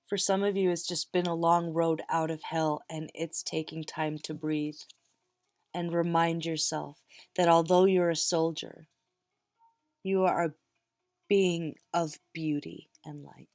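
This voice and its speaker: A woman's voice: deep voice, little pitch movement, a little slow, no room sound, studio quality, soft background music. A middle-aged woman reading tarot cards, talking casually and encouragingly straight to her viewers. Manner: warm encouraging pep talk, direct address. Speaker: tarot reader.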